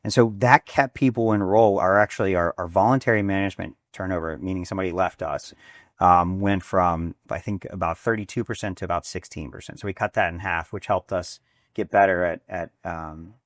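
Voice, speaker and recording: A restaurant chain executive in his forties, appearing as a guest, tells stories in a conversational interview. His voice is very low and fairly quick, and he's animated, acting out dialogue and restarting often. The sound is dry and close, with no echo.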